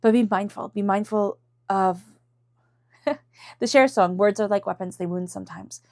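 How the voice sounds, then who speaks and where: A woman's voice: medium pitch, a little slow, a little mellow, no room sound, studio quality. A woman giving an intuitive tarot reading in a chatty, emotional way, full of fillers and asides. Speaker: tarot reader.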